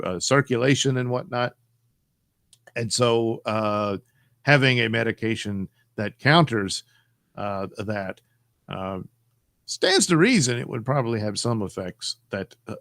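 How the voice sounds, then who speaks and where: A man's voice: medium pitch, fairly bright tone, no echo, studio quality. A middle-aged man hosting a live stream, rambling and joking as he reads chat messages aloud.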